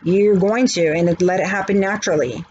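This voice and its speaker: A woman with a fairly low, darkish voice talks at a moderate pace as a spiritual reader in a casual chat. She's preachy and chatty, giving a pep talk and repeating "okay," through a dull lo-fi mic with faint hiss.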